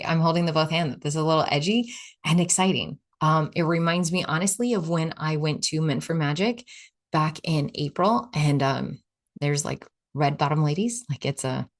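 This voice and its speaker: A woman with a low-pitched voice hosts a solo podcast at a moderate pace. She chats casually and reflectively, says "like" a lot, and acts out the inner voices she quotes.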